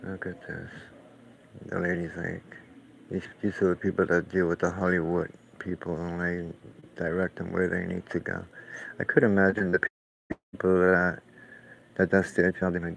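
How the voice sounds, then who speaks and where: A deep-voiced man with a rough, gravelly edge rambles through a profane, scornful rant. He talks as a painter reacting to clips, drifting from point to point with a faint hiss of noise behind him. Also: monotone, moderate pace, pauses often, low-quality recording. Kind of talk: casual ranting commentary while watching clips.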